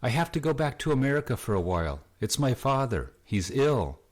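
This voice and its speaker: Anxious young art student girl, a guy reading her a bit higher, quick and worried. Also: sing-song.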